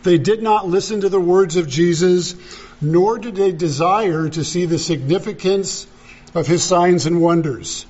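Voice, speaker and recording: A male pastor delivers a sermon at an unhurried, deliberate pace, driving home each point with emphatic repetition. His voice sits a bit higher than most men's. The recording is dull and lo-fi. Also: darkish tone.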